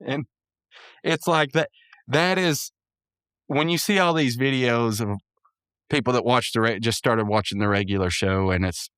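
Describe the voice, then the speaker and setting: Casual male podcast host recapping episodes, smooth resonant voice, dry close recording, meandering and chuckly. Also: mid-range voice, normal speed, a bit bright, no room sound. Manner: rambling, self-correcting, laughs often.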